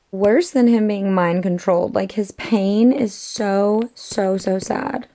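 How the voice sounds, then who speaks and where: A woman's voice: mid-range voice, steady tone, takes it slowly, dark tone. A young woman in her twenties chatting casually in a reading vlog, reacting dramatically and gushing about a book. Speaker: book vlogger.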